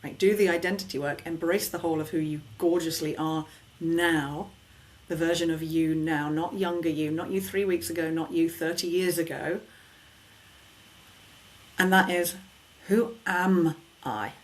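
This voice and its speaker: Expressive woman, low-pitched. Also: moderate pace. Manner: expressive, emphatic, acts out inner questions. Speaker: vocal coach and sound healer. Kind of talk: podcast conversation.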